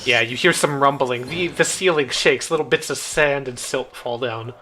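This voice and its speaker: A man's voice: mid-range voice, moderate pace, sharp tone, faint music behind. A man running a tabletop game as game master, narrating the scene with dramatic sound effects.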